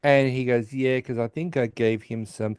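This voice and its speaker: A man in casual podcast chat, retelling a sitcom episode in a rambling way and quoting each character's lines with lots of restarts. His voice sits at an ordinary pitch and sounds dry and close, with no room around it. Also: steady tone, moderate pace, darkish tone, clean tone, dry recording. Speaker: podcast co-host recapping an episode.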